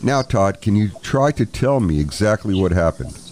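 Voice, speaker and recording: A man reading as a calm female operator. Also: on the low side, moderate pace, a little hiss or hum, pitched above the performer's own voice. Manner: calm, questioning.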